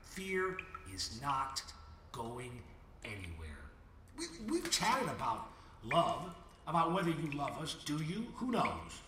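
A man delivering a dramatic monologue addressed to God, swinging between booming declarations and hushed asides. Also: huge pitch swings, takes it slowly, roomy sound, far from the mic, background noise. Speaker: podcast host.

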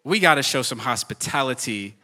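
A man introducing the senior pastor at a young adult service, telling his own story earnestly and then shouting for the crowd to welcome him. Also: mid-range voice, lively intonation, brisk. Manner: earnest, building to shouted hype. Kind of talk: stage introduction and testimony. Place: large church auditorium.

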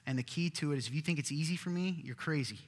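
A man preaching a sermon as pastor, earnest and emphatic, sometimes dropping to a hush. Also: fairly high pitch, quick pace. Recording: hall reverb.

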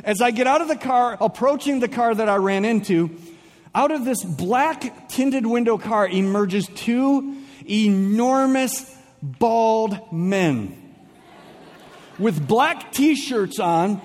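A young male pastor with a high voice tells a story from the pulpit, animated and quick to switch from rushing to slow, drawn-out lines. His voice carries through a large church with a long, lingering reverb. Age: young adult. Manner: animated storytelling, swings in pace. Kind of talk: sermon with a comic personal story.

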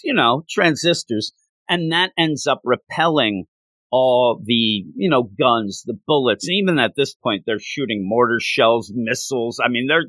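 A man casually retelling a comic story, animated and jumping into quick character voices as he goes. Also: medium pitch, no echo.

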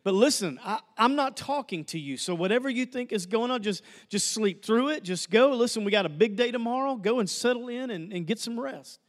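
A man's voice: extremely high pitch, animated, brisk, few pauses. A man voicing an old male priest who is drowsy and exasperated, stammering and dismissive, with a long hall reverb.

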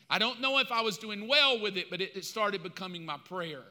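A man preaching a sermon as pastor, impassioned, swinging between loud preaching and quiet asides. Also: high voice, steady tone, a little fast, hardly any pauses. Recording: long hall reverb.

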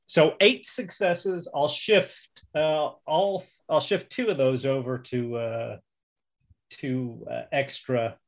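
A man's voice: medium pitch, fairly even intonation, takes it slowly. A man playing a tabletop role-playing game, thinking aloud as he describes his character's actions and rolls. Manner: chatty, thinks aloud with fillers. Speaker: player.

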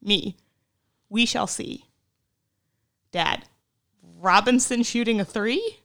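On a sports podcast, a female co-host gives a comic, exasperated dramatic reading of text messages, swearing and laughing as she goes. Her voice is on the high side and a bit bright, delivered at a slow pace.

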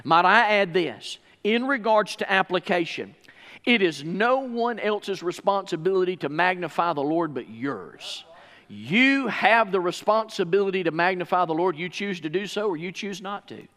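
High-voiced preacher in a reverberant hall. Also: male voice, normal speed. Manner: swings from quiet teaching to loud, excited preaching. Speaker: pastor. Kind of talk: sermon. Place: church sanctuary. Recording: long reverb of a large hall.

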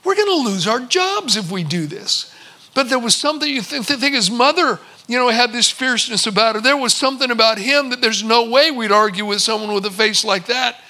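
A male pastor delivers a storytelling sermon, acting out snippets of dialogue as he goes. His voice sits very high and carries a gravelly rasp. The tone is bright and sharp. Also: fairly quick, few pauses. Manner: storytelling, acts out servants and a visitor in quotes.

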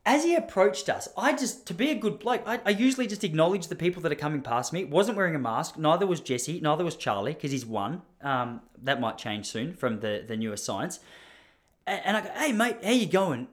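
A man's voice: fairly high pitch, animated, brisk. An Australian man in his thirties, telling a casual story in a rambling, self-deprecating way with many asides. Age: 30s.

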